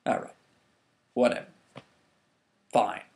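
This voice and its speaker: A man casually telling a myth to the camera, animated, with frequent restarts. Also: takes it slowly. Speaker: vlogger. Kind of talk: casual storytelling.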